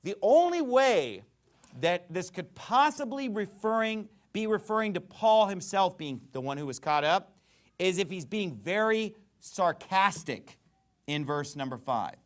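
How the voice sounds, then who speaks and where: A man preaching a sermon, stressing his points and often checking in with "okay?" or "right?", with quick repeats and restarts. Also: high voice, animated. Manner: emphatic preaching with frequent "okay?" and "right?" tags. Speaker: pastor.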